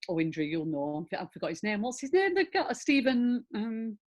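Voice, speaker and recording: A middle-aged actress in a conversational interview, telling animated anecdotes with frequent laughter. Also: female voice, a little high, normal speed.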